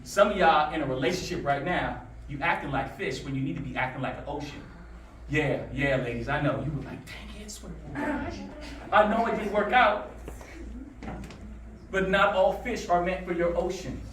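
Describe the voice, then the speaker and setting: A man giving a motivational talk to students, telling stories in a lively call-and-response way. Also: fairly high pitch, moderate pace, a little hiss or hum. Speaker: motivational speaker. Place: school classroom. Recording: echoey room from far off.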